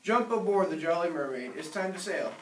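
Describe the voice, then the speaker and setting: A man's voice: fairly high pitch, a little fast, slight background noise, lightly acted. A man voicing an eager young boy inventor who proudly shows off his secret rooms, reading a storybook aloud. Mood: excited. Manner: excited, announcing. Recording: echoey room, distant mic.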